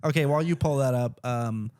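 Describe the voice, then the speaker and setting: A man's voice: mid-range voice, brisk, dark tone, no echo, clean studio sound. A young man co-hosting a podcast, joking sarcastically and laughing often. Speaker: podcast co-host. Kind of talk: casual comedic chat.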